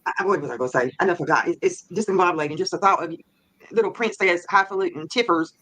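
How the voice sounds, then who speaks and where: A woman's voice: on the low side, racing, a bit bright. A woman voicing a nosy gossip host who pries into the others' business. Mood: gossipy. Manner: prying, teasing, playful interviewer.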